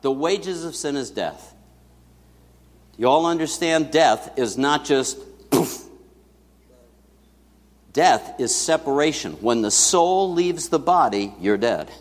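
A man's voice: fairly high pitch, expressive, takes it slowly, long pauses. A man preaching a sermon to his congregation in a conversational style, with asides to the people in the room. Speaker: pastor. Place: church sanctuary. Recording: long church reverb.

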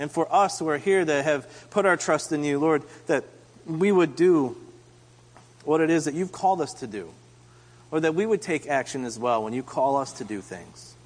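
A man leading an earnest closing prayer in a church service. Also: mid-range voice. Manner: earnest, grows quieter toward the end. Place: church hall. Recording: echoey hall, faint hum.

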